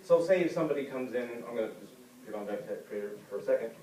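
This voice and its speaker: A man speaks casually to a class, mimicking the people in his stories with jumps up in pitch. His voice is dark and mellow. It is caught by a camera at the back of an echoey classroom with faint ambience. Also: animated, fast talker, a little hiss or hum. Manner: conversational, acts out quoted people with big pitch jumps. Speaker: student giving a class speech. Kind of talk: informal classroom speech. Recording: roomy classroom heard from a distant camera.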